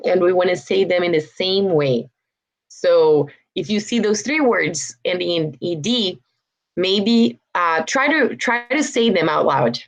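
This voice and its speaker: A young adult woman from Brazil with a Brazilian Portuguese accent, giving an online English pronunciation lesson and patiently repeating words for practice. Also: on the low side. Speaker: English teacher.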